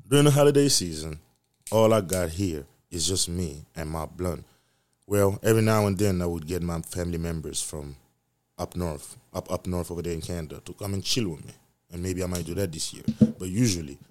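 A deep-voiced man talks alone into the mic at home, hosting his own podcast. He rambles and rants loosely and swears all the time. His voice sits very low. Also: darkish tone. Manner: profane, ranting, rambling. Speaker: podcast host. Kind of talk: casual solo podcast rant.

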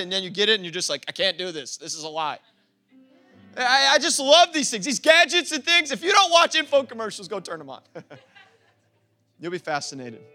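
A man preaching a lively sermon as pastor, laughing often and acting out quoted voices. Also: extremely high pitch. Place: church.

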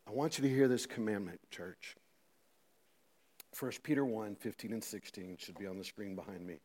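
A middle-aged man preaching a sermon as pastor, animated, swinging between loud emphasis and quiet asides, with many rhetorical questions. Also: lowish voice, moderate pace. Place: church sanctuary. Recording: long reverb of a church hall.

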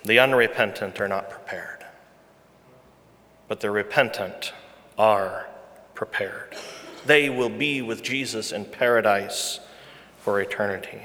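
A man's voice: on the low side, unhurried, long pauses, sharp tone. A man preaching a sermon as pastor, earnest and emphatic, repeating his key phrases. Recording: long reverb from a large hall.

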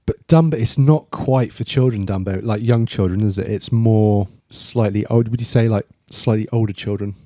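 A man's voice: on the low side, normal speed, few pauses, warm tone, dry recording, studio quality. A man chatting casually as a podcast co-host reviewing a film, rambling and restarting his sentences.

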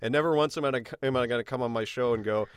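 A young adult man hosts a podcast in a loose, conversational way, quick to laugh while spinning his stories. His voice sits in a middle register and comes across dry, with no room sound, close on a studio mic. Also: medium pitch, smooth, no room sound. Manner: animated, laughing storyteller. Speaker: podcast host. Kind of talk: casual podcast chat.

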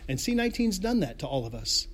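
A man's voice: high voice, fast. A man preaching a sermon online, telling the story playfully and dropping in jokes, with chuckles between lines. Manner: playful, animated storytelling with pop-culture jokes. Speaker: pastor.

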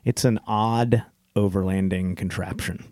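A man's voice: deep voice, steady tone, measured pace, a little mellow, no room sound, studio quality. A man co-hosting a casual podcast chat, joking and swearing freely in banter. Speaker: podcast co-host.

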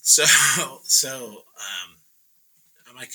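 Laid-back bright-voiced man. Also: fairly low pitch, lively intonation, a little slow, breathy edge, poor audio. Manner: laid-back, laughing, acts out quotes. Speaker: painter guest. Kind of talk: casual storytelling chat.

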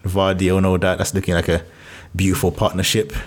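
A man co-hosting a football podcast in casual banter, animated and exasperated, laughing often. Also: low-pitched, a little fast, a crowd in the background. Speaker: podcast co-host.

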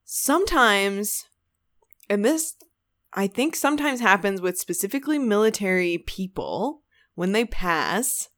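A woman in casual chat, playful and reactive, musing slowly through her own theories. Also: mid-range voice, big pitch swings, fairly bright tone. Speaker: podcast co-host.

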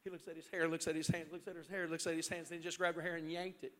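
A middle-aged man preaching a sermon as pastor in a church sanctuary, swinging between shouted appeals and hushed storytelling. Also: on the high side, flat delivery, racing.

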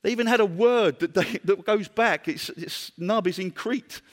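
Man, British accent, preacher, conversational sermon, rather high voice, long hall echo. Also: moderate pace. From Britain. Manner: conversational, asks the congregation questions.

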